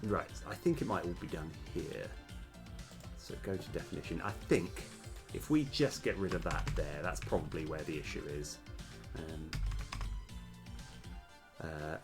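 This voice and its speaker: A young man streaming game development, chatting casually and hesitantly with many fillers and restarts, his voice slightly worn. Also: low voice. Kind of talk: casual live coding chat.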